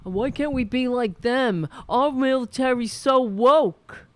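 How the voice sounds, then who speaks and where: A woman's voice: high-pitched, slow pace, voice pushed up. A woman voicing a mock right-winger who gripes in an exaggerated, mocking way. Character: sneering mock right-winger griping about the military.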